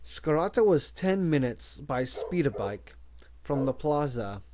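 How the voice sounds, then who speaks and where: A man reading a novel aloud as an audiobook, measured and expressive. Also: on the high side, noisy background. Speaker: audiobook reader.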